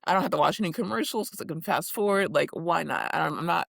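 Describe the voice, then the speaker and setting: Lively, laughing woman podcast co-host. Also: lowish voice, quick pace, gravelly, dry recording, studio quality. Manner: animated storytelling with impressions and frequent laughter. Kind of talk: casual chat.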